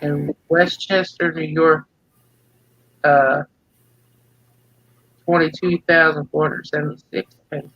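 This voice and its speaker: A man with a gravelly, somewhat high voice reads out figures to livestream viewers in a plain, matter-of-fact way. His audio sounds dry and dull, like a lo-fi microphone. There is no room echo at all. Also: level tone, slow, pauses often, fairly bright tone. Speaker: livestream co-host. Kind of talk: reading out figures in casual chat.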